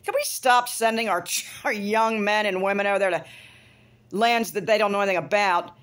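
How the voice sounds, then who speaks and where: A woman's voice: medium pitch, fairly quick, fairly bright tone. A middle-aged woman talking in a blunt, rambling casual monologue, swearing freely as she goes. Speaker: hairdresser and vlogger.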